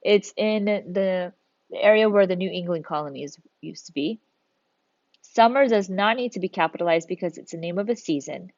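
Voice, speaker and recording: Lady teacher walking through grammar slow and patient, lowish voice, kinda dull lo-fi mic, dry. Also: darkish tone, dry recording. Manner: patient, explains step by step, thinks aloud. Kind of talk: recorded grammar lesson.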